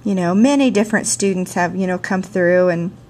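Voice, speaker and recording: A woman who teaches sign language and theater, telling a personal story in a lively, chatty way full of "you know", recorded on a camcorder mic. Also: fairly low pitch, a little fast. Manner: animated, chatty, laughs often, many "you know" fillers. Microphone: handheld camcorder mic.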